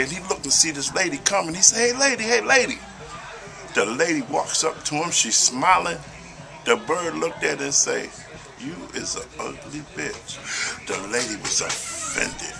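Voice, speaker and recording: Brief: male joke teller, gravelly voice, folksy drawl, music playing behind him. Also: mid-range voice. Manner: folksy, drawling storyteller, acts out stutters and punchlines. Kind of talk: casual joke telling to camera.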